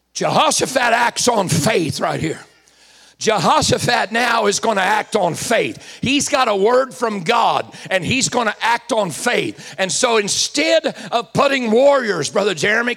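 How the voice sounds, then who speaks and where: A man's voice: high-pitched, gravelly, fairly bright tone, breathy edge. A man preaching a sermon, calling out to the congregation with rising fervor. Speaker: pastor.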